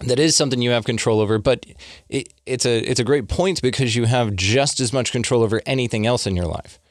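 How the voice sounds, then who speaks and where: A man's voice: mid-range voice, brisk, no room sound. Emphatic man host, dry sound. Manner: emphatic, conversational, occasional swearing. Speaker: podcast host. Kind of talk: casual conversation.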